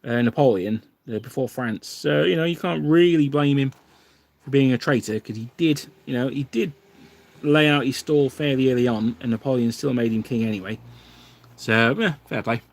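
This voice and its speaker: A wargaming channel host chats casually on a livestream in a gravelly, mid-range voice at a moderate pace, rambling with many fillers and restarts.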